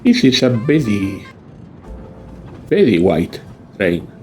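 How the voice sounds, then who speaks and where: A man's voice: on the low side, big pitch swings, slow pace, a little mellow, faint music behind. A man hosting a game playthrough, commenting in a musing, playful way. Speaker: gaming channel host. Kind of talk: let's-play commentary.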